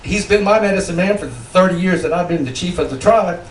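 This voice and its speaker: A man's voice: sits high, quick pace, echoey room, far from the mic, lightly acted, poor audio. A man voicing an old male tribal chief who explains things patiently, in a joke told to a small group.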